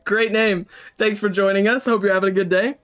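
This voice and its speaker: A woman's voice: medium pitch, fairly even intonation, fairly quick. A woman streamer reading a story game aloud and making wry, chatty asides to her viewers.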